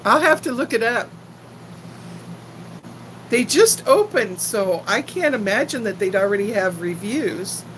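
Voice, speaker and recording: A woman's voice: a little high, expressive, measured pace, long pauses, a bit bright, a little hiss or hum, rough recording. An older woman from Texas with a faint Texan accent, chatting casually and giggling with viewers on a livestream. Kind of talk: casual live chat.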